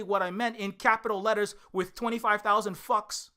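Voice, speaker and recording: A man from Hawaii, an indie game developer, delivering a heated, profane rant to camera, repeating himself and swinging from shouting to weariness. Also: sits high, steady tone, moderate pace, hardly any pauses, clean tone. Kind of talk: direct-to-camera angry rant.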